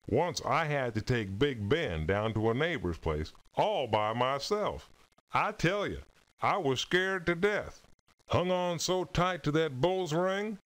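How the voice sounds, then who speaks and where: A folksy old-time farmer. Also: male voice, medium pitch. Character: folksy male farmer, plainspoken and friendly. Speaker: farmer character in a children's game. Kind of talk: 1990s children's game voice acting.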